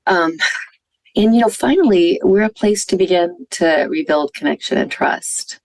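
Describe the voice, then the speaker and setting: A woman's voice: lowish voice, lively intonation, moderate pace, creaky, no room sound, poor audio. A woman physician, giving an earnest conference talk and telling stories with some fillers. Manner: earnest, warm storytelling with fillers. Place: conference venue.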